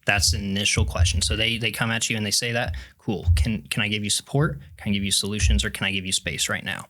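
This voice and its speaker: A man from Kansas, a mindset coach guest, explaining his methods in an earnest, measured way during a casual podcast interview. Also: on the low side, little pitch movement, a bit bright.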